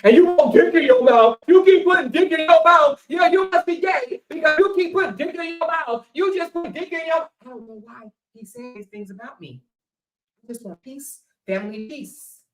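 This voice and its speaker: A woman mocking a male panelist who swings from whiny, soft pleading to screaming, profane rage. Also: very high-pitched, lively intonation, moderate pace, pitched above the performer's own voice.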